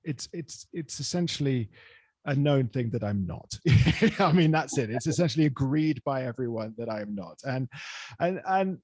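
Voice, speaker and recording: A man's voice: mid-range voice, animated, moderate pace, a little mellow, no room sound. Rambling male podcast host, dry close sound. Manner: rambling, many restarts and fillers. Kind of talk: casual interview chat.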